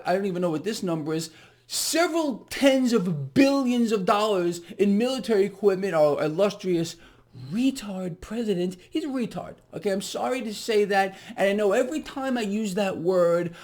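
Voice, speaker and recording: A man giving a casual market commentary to viewers, ranting in a sarcastic, profane way and laughing in exasperation. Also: sits high.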